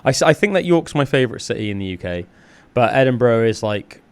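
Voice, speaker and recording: A man from the South West of England chats on a podcast, fast and full of fillers. His voice is mid-pitched and close, with a dry sound and no room around it. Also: expressive, clear, resonant tone, no echo. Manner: rambling, enthusiastic, lots of fillers. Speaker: podcast co-host. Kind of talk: casual chat.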